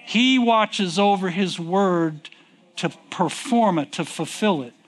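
A male preacher with a high-pitched voice delivers a sermon in an unhurried, deliberate cadence. He reads old-fashioned scripture aloud and pauses to throw questions to the congregation. He stretches out key words for emphasis. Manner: reads scripture in King James wording, asks the congregation questions; slow, deliberate, drawn-out emphasis. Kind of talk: sermon with call and response.

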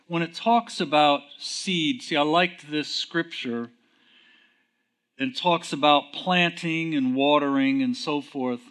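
Slow-speaking man preaching a Bible lesson. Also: a little high, a bit bright. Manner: asks the congregation questions and answers them, reads verses slowly and emphatically. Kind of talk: sermon, teaching from scripture.

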